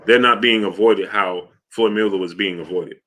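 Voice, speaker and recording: Low-voiced man hosting a live stream. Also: moderate pace. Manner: shouts out viewers by name, asks for likes. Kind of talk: casual live stream chat, reading comments.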